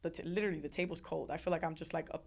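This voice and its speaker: A woman's voice: low-pitched, fairly even intonation, racing, gravelly. Earnest young woman retelling her story. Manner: earnest, repeats words, acts out others' voices. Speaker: interview guest telling her story. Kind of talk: emotional personal storytelling.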